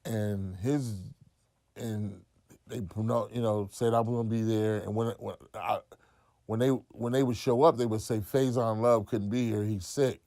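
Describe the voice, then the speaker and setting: A man being interviewed, telling a long profane story and acting out other people's quotes loudly. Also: lowish voice, steady tone, a little slow, dry recording, clean studio sound. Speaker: interview guest. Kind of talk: animated storytelling.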